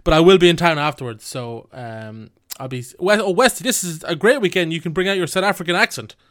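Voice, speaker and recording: A man hosting a casual sports talk show, his voice smooth and resonant and sitting a little higher than most. He keeps it relaxed and jokey, steering the talk to each guest in turn. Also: brisk. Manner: relaxed, jokey, leads the discussion. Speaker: podcast host.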